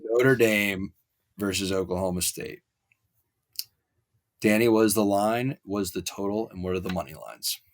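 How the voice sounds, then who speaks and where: Animated ranting sports podcast man. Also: on the low side, normal speed, pauses often. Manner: animated ranting with wrestling and pop culture riffs. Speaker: podcast co-host.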